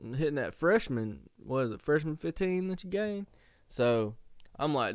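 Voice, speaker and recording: A young man hosting a podcast, telling a story in a casual, animated way with slang and frequent laughter. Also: a little high, normal speed, dry recording, clean studio sound. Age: young adult. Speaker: podcast host.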